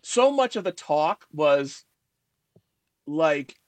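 A man's voice: a little high, very animated, very slow, no echo. Rambling male guest, full of fillers. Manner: rambling, many fillers, self-deprecating laughs. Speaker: guest writer. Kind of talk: interview.

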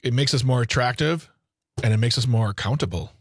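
A man's voice: mid-range voice, brisk, breathy edge, no echo. A man on a studio talk show makes his case with energy, circling back over his points. The sound is close and dry. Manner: animated, argumentative, many "like" fillers. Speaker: radio show co-host. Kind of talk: casual talk radio. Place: radio studio.

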